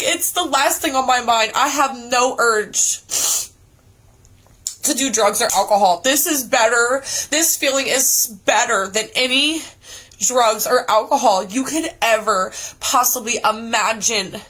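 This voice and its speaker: A woman sharing an emotional personal testimony, earnest and halting, often close to tears. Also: high-pitched, a bit bright. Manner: earnest, halting, many restarts and fillers. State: tearful, on the verge of crying. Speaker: testimony giver.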